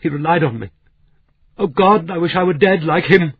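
A distraught woman wails and pleads through her tears, a man putting her on in a strained high voice. His husky tone comes through a thin, phone-like recording. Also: moderate pace, no echo. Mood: sobbing. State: crying. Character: frantic, sobbing middle-aged woman assistant. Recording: tinny phone-like sound.

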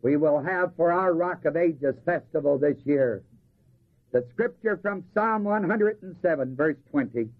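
Male preacher, husky and high, lively rise and fall, asks the room to finish his lines, tinny old recording. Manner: asks the congregation to fill in words, slows to stress key phrases. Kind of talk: sermon.

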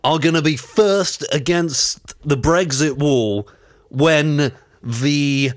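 An actor playing a posh English talk-radio host who rants indignantly. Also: male voice, on the high side, takes it slowly, no room sound. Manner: ranting, indignant, pompous. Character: ranting posh pro-Brexit radio host, man.

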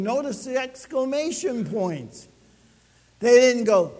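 A man preaching a sermon, telling a story with dramatic swings between loud and soft. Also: very high voice, very animated, slow, in a large hall. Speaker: pastor.

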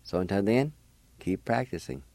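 A man hosting a radio language lesson, slowly spelling words letter by letter and repeating each one. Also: low voice, sing-song, darkish tone, no echo. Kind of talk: slow spelling and pronunciation lesson.

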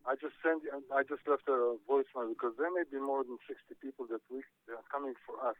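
A man's voice: medium pitch, steady tone, fast talker, no echo. An older man calling in by phone to his son's show, joking with dry, terse humor. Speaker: caller, host's father. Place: on a phone call. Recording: tinny phone line.

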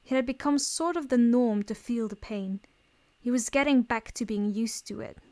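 A woman reading fan fiction aloud in a steady storytelling voice. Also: on the high side, normal speed. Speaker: reader.

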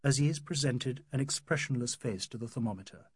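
Husky-voiced man narrating an audiobook. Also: mid-range voice, fairly quick, no echo, studio quality. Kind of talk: audiobook narration of a classic novel.

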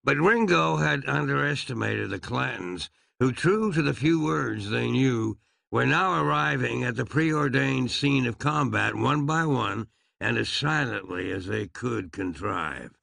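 A man narrating a comic western audiobook with a wry, lively storytelling manner. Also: mid-range voice, unhurried, gravelly, dry recording.

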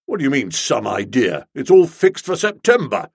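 A man's voice: mid-range voice, huge pitch swings, normal speed, creaky, slightly rough, no room sound, clean studio sound, heavily acted. A man voicing a resentful young policeman who talks bluntly and grudgingly, in an audiobook. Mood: brooding. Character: gruff young male policeman, resentful and menacing. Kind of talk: audiobook character voice.

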